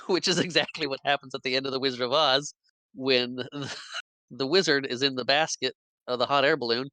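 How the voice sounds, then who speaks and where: A podcast host with a medium-pitched, sharp-toned voice recaps a film's story at normal speed in relaxed chat, acting out characters' lines and laughing. The audio is poor, with no echo.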